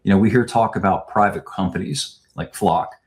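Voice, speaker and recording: Guest guy on a podcast, lowish voice, explains things steady and measured. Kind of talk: podcast interview.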